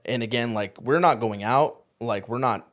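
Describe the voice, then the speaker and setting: A man, a podcast co-host and former youth pastor, telling a painful personal story in an earnest, halting way that often trails off quietly. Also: medium pitch.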